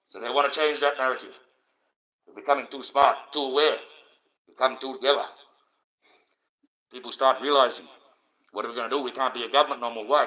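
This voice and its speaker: Aussie bloke going off on a rambling sweary rant, sharp edgy voice, muffled lo-fi sound. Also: male voice, mid-range voice. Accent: Australian. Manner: crude, swearing constantly, stumbling restarts. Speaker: livestreamer. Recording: dull lo-fi stream audio.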